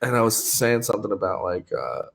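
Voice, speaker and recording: A man's voice: lowish voice, sing-song, brisk, creaky, a bit bright. A man hosting a podcast, telling rambling stories in casual chat, swearing often and laughing a lot. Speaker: podcast host.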